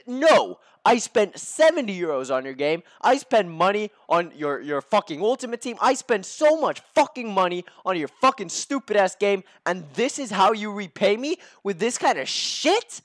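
A man's voice: high voice, sing-song, normal speed, no echo, clean studio sound. A young man doing live commentary over a video game as a gaming YouTuber, ranting and swearing heavily and tripping over his words as he restarts sentences. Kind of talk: live gameplay commentary rant.

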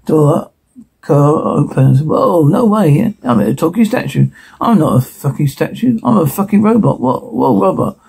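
A man's voice: a little high, animated, unhurried, gravelly, a little mellow, husky, low-quality recording. A man dubbing a whole scene alone, switching between characters and reading the sound cues aloud. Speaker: voice performer. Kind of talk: solo dub of a TV scene.

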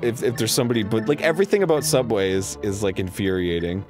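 A man's voice: lowish voice, fast, darkish tone, faint music behind. A man co-hosting a comedy chat show, rambling and swearing as he acts out both sides of annoying everyday exchanges. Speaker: podcast co-host.

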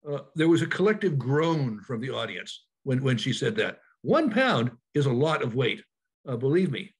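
A man presenting a packing talk in a webinar, speaking over a video call, halting with many fillers and restarts. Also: mid-range voice, very animated, slightly rough.

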